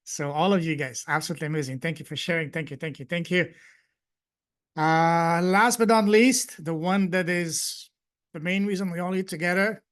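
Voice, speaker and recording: High-voiced effusive male host. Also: fairly even intonation, normal speed, a bit bright. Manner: effusive, grateful, repeats thanks. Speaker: host and coach. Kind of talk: live group call hosting.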